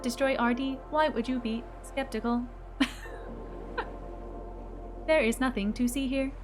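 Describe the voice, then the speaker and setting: A woman streamer chatting casually and bubbly with her viewers, laughing often and teasing herself. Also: on the high side. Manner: bubbly, giggly, self-teasing, reacting to chat. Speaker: game streamer.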